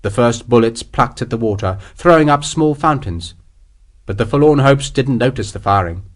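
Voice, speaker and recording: A man's voice: mid-range voice, expressive, moderate pace. A man reading an audiobook as its narrator in a dramatic, vivid way. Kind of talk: scripted narration.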